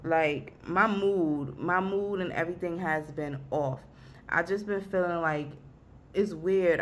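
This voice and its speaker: A young woman talking at her home desk in a casual vlog, rambling and halting, close to tears. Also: on the low side, slight background noise. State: weepy, emotional. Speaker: vlogger.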